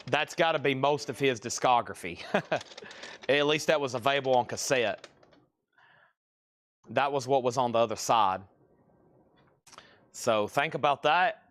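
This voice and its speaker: Selling records and cassettes on a live stream, a man chats casually while naming items and their prices, in a medium-pitched, somewhat bright voice.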